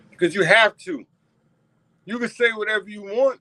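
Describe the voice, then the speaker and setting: A man's voice: sits high, normal speed, long pauses, sharp tone, no echo, low-quality recording. A man hosting his own talk show, riffing emphatically and repeating himself as he speaks straight to his viewers. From New York. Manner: emphatic, repetitive, addresses viewers directly. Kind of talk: casual solo commentary.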